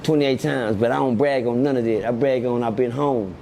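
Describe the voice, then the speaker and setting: A middle-aged man, telling animated stories as an interview guest, laughing often and asking "you hear me". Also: medium pitch, moderate pace, vocal fry, a little hiss or hum.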